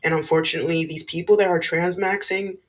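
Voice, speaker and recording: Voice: mid-range voice, steady tone, fast, a little hiss or hum. Blunt, profane personal storyteller. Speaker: former school staff member telling a story.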